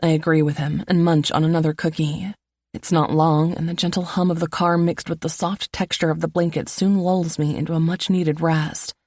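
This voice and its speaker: A woman narrating a first-person romance audiobook in an even, low-key reading voice. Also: normal speed, dry recording, clean studio sound.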